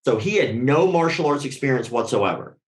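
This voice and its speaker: A man's voice: mid-range voice, fairly quick, reverberant. A man telling a story casually and with lots of swearing, acting out the voices of the people he quotes. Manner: animated, profane, acts out quoted voices.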